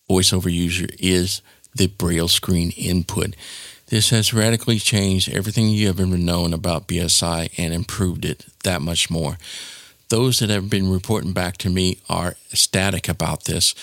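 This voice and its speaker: A man hosting a casual software tutorial, explaining each step in an informal, demonstrative way. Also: sits low, no room sound, clean studio sound. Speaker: tech tutorial host.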